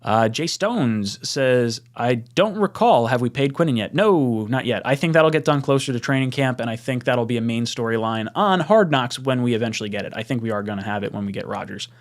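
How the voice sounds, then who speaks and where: A young man chats casually on his live stream, reading viewer comments aloud. He sounds excitable, laughs easily and often bursts into a higher voice when worked up. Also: fairly quick, few pauses.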